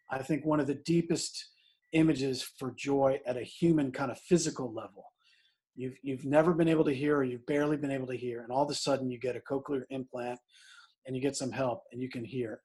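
Husky-voiced priest preaching earnestly. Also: male voice, medium pitch, a little mellow. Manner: earnest, reflective, halting restarts. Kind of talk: sermon.

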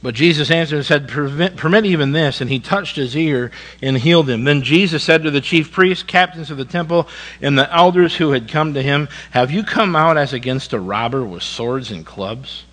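A male pastor preaching a sermon, reading scripture dramatically, with folksy conversational asides and sudden quiet emphasis. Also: a little high, normal speed, poor audio.

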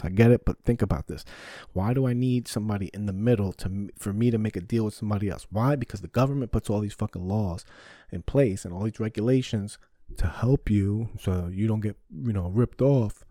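A man's voice: fairly low pitch, dark tone, no echo, clean studio sound. A man hosting a podcast, ranting heatedly with lots of swearing and rhetorical questions. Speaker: podcast host. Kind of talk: ranting solo podcast talk.

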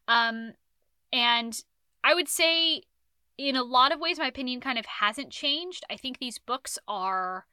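Woman podcast co-host, bright and higher-pitched, rambling casual chat, dry close mic. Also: dry recording. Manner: rambling, animated, swearing, with self-corrections and laughs.

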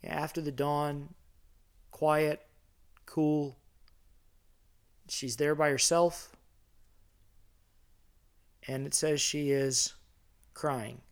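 A man's voice: on the high side, steady tone, drawn-out words, pauses often. A middle-aged man preaching a conversational sermon in a church sanctuary, asking his listeners questions and growing intense as he goes. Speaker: pastor.

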